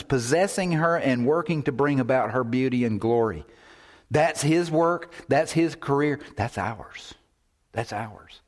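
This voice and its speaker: A man preaching a sermon, repeating phrases for emphasis and at times dropping to a whisper. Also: medium pitch.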